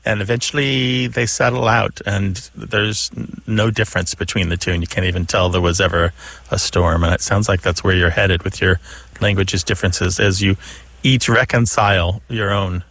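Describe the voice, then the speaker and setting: A man's voice: sits low, steady tone, normal speed, a bit bright, no room sound. A man co-hosting a call-in radio show, explaining language in a thoughtful, easygoing way and laughing often. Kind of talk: casual explanatory radio talk.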